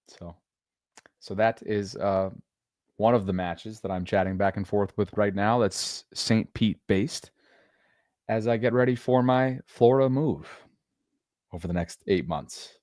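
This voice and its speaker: A middle-aged man co-hosting a podcast, chatting casually with a playful, drawn-out joking delivery. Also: deep voice, a little mellow, no echo, clean studio sound. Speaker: podcast co-host. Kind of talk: casual chat.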